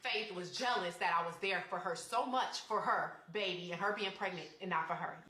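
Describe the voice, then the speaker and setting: A woman telling a personal story in casual chat, animated and reading out text messages. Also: fairly low pitch, moderate pace, reverberant.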